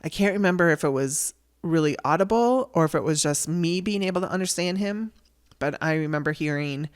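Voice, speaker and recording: A woman's voice: sits low, a little fast. Candid woman telling her own story. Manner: candid, conversational, with restarts and blunt language. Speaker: podcast host telling her caregiving story. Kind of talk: personal storytelling.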